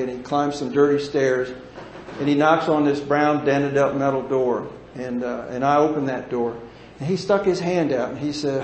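A man's voice: mid-range voice, darkish tone, slight background noise. A man in his sixties, plain-spoken and folksy, telling his recovery story to a meeting and livening up when he jokes. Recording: echoey room with faint ambience.

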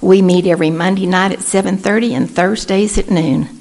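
Brisk and steady in tone, this woman's mid-range voice is gravelly and a little mellow. She's from Texas and gives an earnest personal testimony at a recovery meeting, voicing the people she quotes.

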